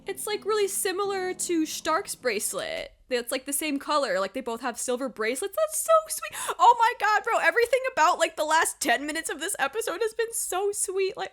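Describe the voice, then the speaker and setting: Woman, slightly high voice, anime reaction host, casual commentary, gushing, excitable. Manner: gushing and excitable, with gasps and exclamations.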